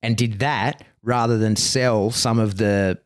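A man hosting a podcast in a studio, telling stories in a rambling, relaxed, blunt way. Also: on the low side, measured pace, smooth, no room sound. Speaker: podcast host. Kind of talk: casual chat.

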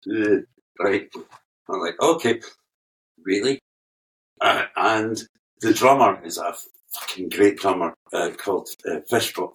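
Scottish man telling stories off-mic. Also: low voice. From Scotland. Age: older. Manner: animated storyteller, laughs often, swears freely. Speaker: guest keyboard player. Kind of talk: casual anecdote telling. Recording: distant from the mic.

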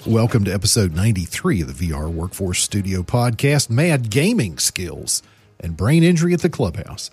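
A man hosting a podcast, introducing the episode and interviewing a guest in a friendly, lively way. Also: fairly low pitch, moderate pace, husky, faint music behind. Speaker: podcast host.

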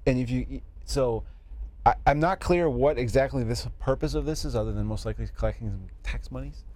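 A man's voice: mid-range voice, a little fast, dark tone. A man hosting a podcast in casual chat, laughing often, rambling through news with fillers and swearing. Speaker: podcast host.

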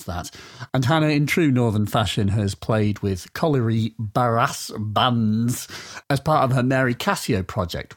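A man hosting a podcast, reading a sponsor spot and introducing a guest with jokey, mock-grandiose asides. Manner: jokey, mock-grandiose, swings pitch widely for comic emphasis. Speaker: podcast host.

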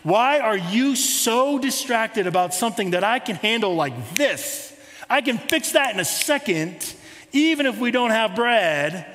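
A man's voice: high-pitched, very animated, measured pace, a bit bright, long reverb tail, a little hiss or hum. A male pastor preaching a sermon in a conversational way, asking the congregation questions.

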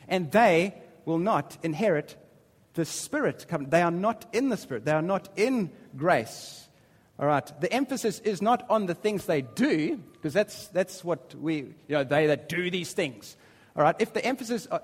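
A man preaching a sermon, reading scripture aloud and pressing his points with emphatic repetition. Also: on the high side. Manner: emphatic, repeats words, reads scripture aloud. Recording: long hall reverb.

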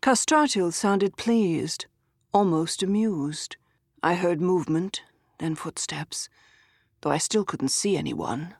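A woman narrating a first-person story in a measured, expressive way. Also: lowish voice, dry recording, studio quality. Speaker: audiobook narrator.

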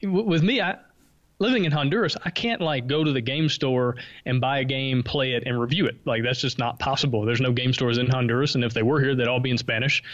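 A man with a Southern US accent talking casually as a guest, quick, animated and self-deprecating. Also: medium pitch. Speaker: podcast host being interviewed. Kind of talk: casual conversation. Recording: lo-fi remote call audio.

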